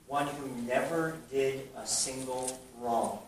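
A man preaching a sermon to a church audience, shifting between a hushed voice and loud bursts. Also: mid-range voice, measured pace, a little hiss or hum. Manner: animated preaching, drops to a hush then bursts loud. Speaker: pastor. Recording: very echoey hall, mic at a distance.

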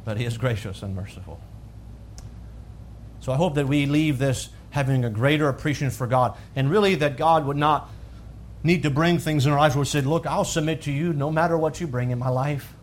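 A man preaching a sermon, swinging from calm teaching to loud, fervent high-pitched emphasis. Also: fairly quick, slight background noise.

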